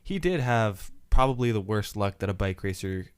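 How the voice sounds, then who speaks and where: A man on a podcast in casual chat, speaking in a measured, thoughtful way. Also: on the low side, animated, clear, resonant tone, no room sound.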